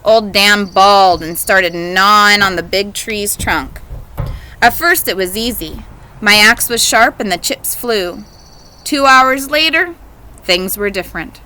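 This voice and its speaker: Woman, audiobook reader, bright voice, expressive storytelling, reading a novel aloud. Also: mid-range voice, unhurried, a little hiss or hum, poor audio.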